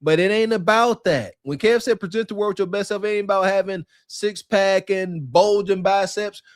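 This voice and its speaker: Male podcast co-host, higher register, emphatic lecturing delivery, dry mic. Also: normal speed, no echo. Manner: preachy, laughing, emphatic. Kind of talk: casual podcast commentary.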